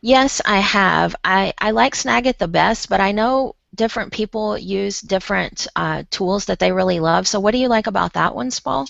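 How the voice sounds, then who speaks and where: A woman's voice: medium pitch, moderate pace, gravelly, hardly any pauses, a bit bright, dry recording. A woman hosting an online educator session, talking with effusive enthusiasm over a video call. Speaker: host and presenter. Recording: dull, dry video call audio.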